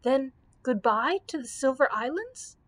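A woman's voice: high voice, lively intonation, a little slow, no room sound. A woman voicing a frightened but loyal male servant who gulps and chokes out his words. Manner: nervous, gulping.

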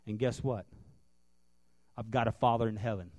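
A man preaching a sermon as a guest pastor in a church, swinging from loud earnest preaching to quiet tender tones, then leading a prayer. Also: lowish voice, fairly even intonation, moderate pace, no echo. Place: church building.

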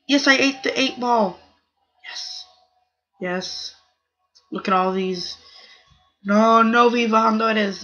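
A gaming channel host giving live gameplay commentary, excitable, repeating short cries of no and come on and exclaiming oh my goodness. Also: mid-range voice, slow, pauses often, dull audio.

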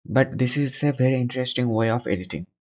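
A man's voice: mid-range voice, fast talker, darkish tone. A man in his twenties chatting with strangers on a video call and adding chatty commentary, asking blunt questions. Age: 20s. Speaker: video chat host. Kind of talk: casual chat and voice-over commentary.

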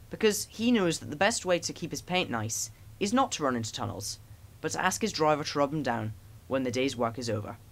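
Animated male storybook narrator. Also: fairly high pitch. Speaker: audiobook narrator.

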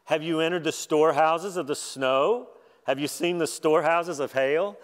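A man's voice: a little high, normal speed. Conversational male preacher in echoing hall. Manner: conversational, self-deprecating, animated when quoting scripture. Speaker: guest preacher. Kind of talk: sermon. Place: large church hall.

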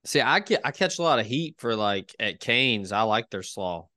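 Bright-voiced podcast host. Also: male voice, lowish voice, expressive, normal speed, no echo, studio quality. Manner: agreeable, steering the talk. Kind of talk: casual sports podcast chat.

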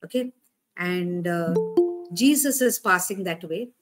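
A woman's voice: fairly low pitch, unhurried, soft background music. A woman preacher giving a conversational sermon, often asking her listeners questions.

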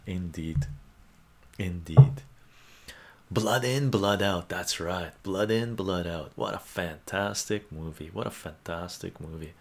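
A man hosts a relaxed livestream, reading viewers' chat messages aloud and answering them with plenty of fillers. His voice sits low and carries a husky, gravelly texture. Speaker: livestream host. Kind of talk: casual chat about movies.

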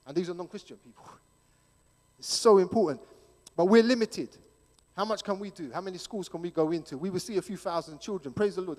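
A man speaking at a church gathering, emphatic and animated, often repeating words as he presses his point. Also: high voice. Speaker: church speaker promoting a schools ministry. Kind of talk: church appeal talk. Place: church hall. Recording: long hall reverb.

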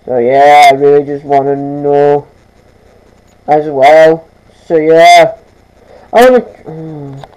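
A man's voice: on the high side, fairly even intonation, slow, pauses often, darkish tone, clean tone, rough recording. A teenage boy vlogging casually to camera, stammering and restarting his sentences as he talks through plans. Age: teens. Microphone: camera mic.

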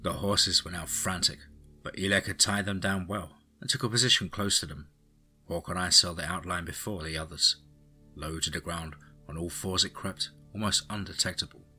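A man narrating a scripted story, reading every character's lines in nearly his own voice, with a husky tone. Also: low-pitched, fairly even intonation, normal speed, pushed and bright. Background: music.

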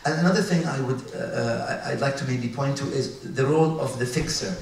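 A man from the UAE giving a conference talk with slides, halting often with fillers and restarts. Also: mid-range voice. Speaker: conference speaker. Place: large conference hall. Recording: echoey hall, distant mic, faint noise.

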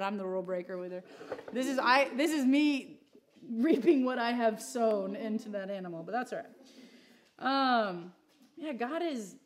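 A woman's voice: on the high side, slight background noise. A woman teaching a Bible study class in a casual, joking way, with asides to the room. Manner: chatty and joking, with asides to the audience.

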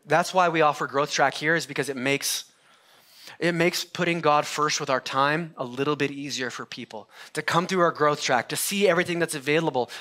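A male pastor delivers a sermon in a church with a fairly high, bright, forceful voice. He tells his story in a casual, joking way, often stopping and restarting. His tone stays friendly and chatty from the pulpit. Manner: conversational, self-interrupting storytelling with humor. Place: church sanctuary.

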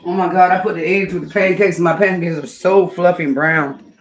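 A woman's voice: lowish voice, fairly even intonation, a little fast, soft background music, rough recording. Sassy, blunt Southern woman, middle-aged. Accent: Southern American. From southern United States. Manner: sassy, blunt, lots of cussing. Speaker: YouTuber. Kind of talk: casual live-stream chat. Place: home kitchen, cooking.

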